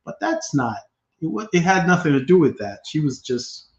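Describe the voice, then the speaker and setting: At normal speed and with a fairly high pitch, a man trades stories on a casual podcast he co-hosts, laughing often. The sound is lo-fi and dull, with an echoey room around him.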